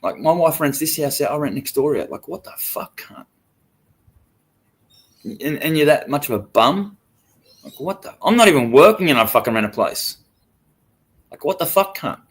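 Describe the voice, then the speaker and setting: A man's voice: on the high side, expressive, normal speed, pauses often, husky. A young Australian man livestreaming, talking to his chat in a profane, taunting and swaggering way. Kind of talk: live stream rant to chat.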